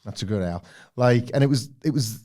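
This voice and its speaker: A hoarse man co-hosting a wrestling podcast, ranting in a sardonic, sweary, casual way. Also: medium pitch, lively intonation, brisk, dark tone. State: hoarse, losing his voice. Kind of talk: casual review chat.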